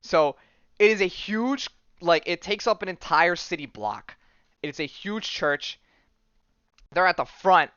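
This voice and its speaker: A man's voice: high-pitched, lively intonation, unhurried, long pauses, pushed and bright, smooth, no room sound, lo-fi sound. A man hosting a podcast, recapping comics in a casual, rambling way, full of "like", "um" and slang. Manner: rambling, heavy use of "like" and "um"; enthusiastic slang, says "dude" and "bro". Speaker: podcast host.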